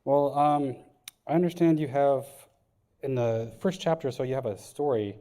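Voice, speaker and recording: A man's voice: medium pitch, normal speed, warm tone. A man interviewing the guest in a casual, hesitant way.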